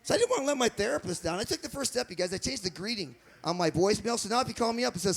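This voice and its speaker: A man doing stand-up comedy in a high, gravelly voice that swings widely in pitch. He talks straight to the crowd, laughs at his own jokes and jumps from bit to bit with quick asides. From Michigan. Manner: animated, jumps between bits with quick asides.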